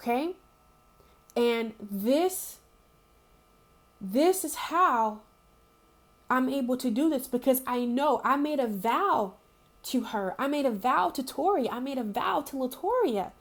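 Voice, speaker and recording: A woman's voice: high-pitched, animated, slow, pauses often. A young woman giving a casual, heartfelt spiritual talk to her viewers, repeating herself and using lots of fillers as she speaks. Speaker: spiritual reader. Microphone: home video recording.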